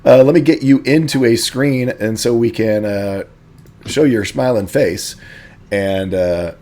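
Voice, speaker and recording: A man's voice: medium pitch, a little slow, dark tone. A man running a tabletop game as game master, chatty and playful.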